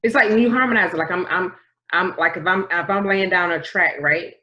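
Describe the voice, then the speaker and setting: A woman's voice: on the low side, fairly quick, sharp tone, dull audio. A woman co-hosting a podcast in casual chat, explaining things at length and breaking into bits of song. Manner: explains things at length, sings snatches of songs. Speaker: podcast co-host.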